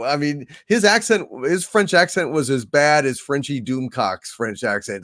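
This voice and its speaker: Man, lively sarcastic delivery, casual stream chat, slightly high voice, dry sound. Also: measured pace, few pauses, no room sound. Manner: animated, sarcastic, mocking. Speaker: co-host.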